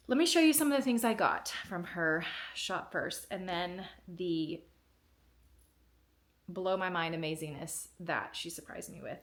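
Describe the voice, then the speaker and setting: A woman vlogger unboxing a package in a casual, excited way, gushing and close to tears. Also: on the low side, moderate pace, a little hiss or hum.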